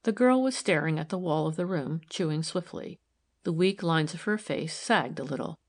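Brief: female audiobook narrator, low-ish pitch, steady and even. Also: normal speed.

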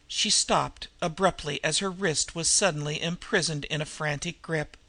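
Man reading a novel aloud, kinda high voice, dry and close. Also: fairly even intonation, measured pace, creaky, few pauses, sharp tone, no echo. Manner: reads the prose and voices every character. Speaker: audiobook narrator. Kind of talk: scripted narration.

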